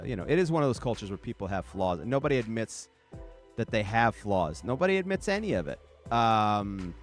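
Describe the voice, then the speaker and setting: A man hosting his own show, talking casually and comedically to viewers, mocking with rhetorical questions and brief impressions. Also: on the low side. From United States. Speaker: podcast host. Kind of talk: casual comedic monologue reading chat.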